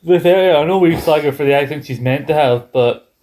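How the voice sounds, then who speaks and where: A man's voice: a little high, brisk. A man co-hosting a podcast, chatting casually and animatedly as he recaps a sitcom episode and acts out quotes. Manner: animated, reads out scene quotes in put-on voices. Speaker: podcast co-host.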